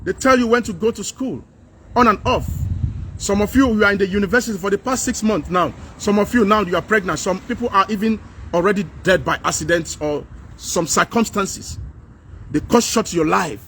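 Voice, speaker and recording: High-pitched Nigerian man ranting. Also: fairly quick, fairly bright tone, slight background noise. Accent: Nigerian English with Pidgin. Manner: preachy, repeats phrases, asks rhetorical questions. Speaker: political commentator. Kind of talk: impassioned political vlog rant.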